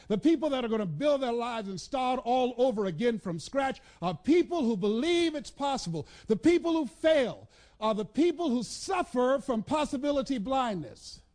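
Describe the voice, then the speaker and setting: High-pitched, lively motivational speaker man. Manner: preacher-like cadence, builds with repetition, bursts into shouts; commands the audience to repeat and write things down. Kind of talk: motivational speech to a live audience.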